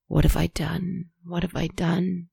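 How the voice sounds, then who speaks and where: A hushed, remorseful young woman, as a storyteller voices her in a storybook reading. She speaks softly and flatly, with a slightly creaky edge. The sound is dry and close. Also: mid-range voice, measured pace, dry recording, voice pushed up, full character voice. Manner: soft, pleading, hushed.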